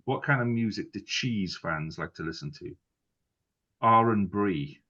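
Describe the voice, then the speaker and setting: A man hosts a casual podcast chat, rambling through fillers and restarts. His voice sits on the low side. The recording sounds dull and lo-fi. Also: expressive, measured pace, bright, forceful tone, slightly rough. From Wales. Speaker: podcast host.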